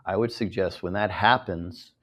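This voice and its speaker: American male host, lowish voice, emotional rambling live-audience speech. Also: moderate pace, a bit bright. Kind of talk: speech at a live tour event. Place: event hall with an audience.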